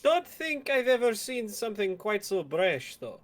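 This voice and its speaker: A man's voice: high voice, very animated, unhurried. A man playing a tabletop game who talks in a formal, wry, theatrical way. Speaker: player. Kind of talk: in-character table talk.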